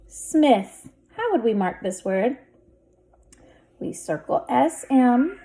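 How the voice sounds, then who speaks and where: A woman teaching a phonics reading lesson, slowly sounding out words one part at a time. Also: fairly high pitch, very animated, warm tone. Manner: slow, sound-by-sound blending of words.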